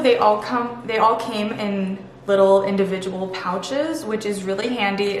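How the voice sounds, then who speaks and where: A woman's voice: mid-range voice, a little hiss or hum. A woman vlogger talking casually and gushing about things she loves, chatty and upbeat. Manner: gushing, chatty, lots of "super" and "literally". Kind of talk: casual sponsored vlog talk. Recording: echoey room.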